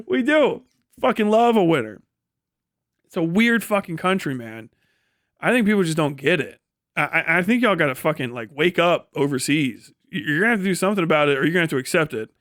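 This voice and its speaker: A man from Ohio with a high voice holds forth on a live stream. He swears freely, gets heated and breaks into laughs. The sound is dry and close. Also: big pitch swings, a little fast, fairly bright tone, dry recording. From Ohio, USA. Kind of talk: casual ranting monologue.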